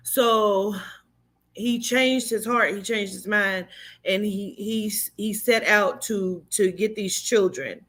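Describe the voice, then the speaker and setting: A woman's voice: mid-range voice, steady tone, slow pace, a bit bright. A woman in a casual vlog, emotionally recapping a movie she saw, speaking candidly with fillers and the odd swear word. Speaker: vlogger and spiritual reader.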